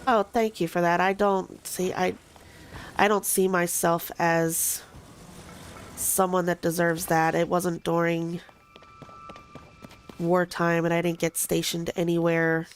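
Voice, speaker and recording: Woman streamer, Philly-South Jersey accent, a bit low-voiced, rambling chatty gameplay talk. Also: level tone, slow pace, pauses often, a little hiss or hum. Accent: Philadelphia and South Jersey. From Philadelphia, then southern New Jersey. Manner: chatty, thinks out loud, rambling asides. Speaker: streamer playing a video game. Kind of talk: casual gameplay commentary.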